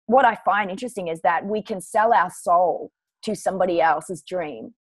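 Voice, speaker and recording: A woman's voice: lowish voice, moderate pace, husky, no room sound. Casual woman podcast host, dry sound. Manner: casual, searching for words, with fillers. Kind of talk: podcast interview conversation.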